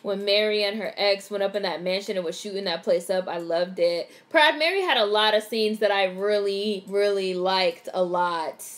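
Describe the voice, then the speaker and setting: A young woman vlogger with a mid-range voice talks at normal speed with few pauses during her live movie reaction. Casual and excitable, she swears freely while describing what's on screen.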